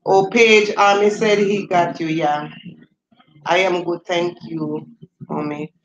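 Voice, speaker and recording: A woman's voice: lowish voice, steady tone, slow, reverberant, highs cut off, slight background noise. Chatty Jamaican woman on a livestream. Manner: chatty, reads out and answers viewer comments. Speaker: livestream host. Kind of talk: casual livestream chat with viewers.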